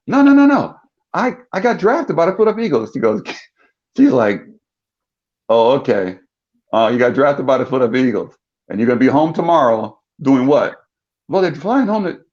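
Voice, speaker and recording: An older man from South Jersey, a former pro football player, telling stories as a talk-show guest and acting out the voices of the people in them. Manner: animated storyteller, acts out quoted voices with big pitch jumps. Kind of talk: storytelling in a talk-show interview. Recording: dull lo-fi sound.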